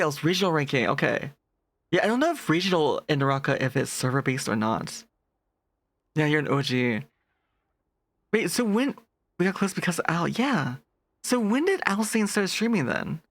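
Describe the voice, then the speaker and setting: A streamer with a deeper, gravelly voice and a touch of fry chats casually with a live audience late at night. The talk is animated, full of quick laughs, and keeps breaking off to read and answer chat messages. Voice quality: deeper natural voice. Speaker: VTuber streamer.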